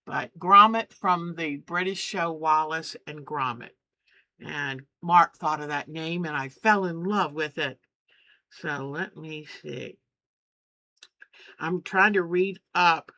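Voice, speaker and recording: A woman's voice: low-pitched, slow pace, pushed and bright, no room sound. A middle-aged woman hosting a quilting channel, chatting and gushing as she shows family photos. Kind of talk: casual chat while showing photos.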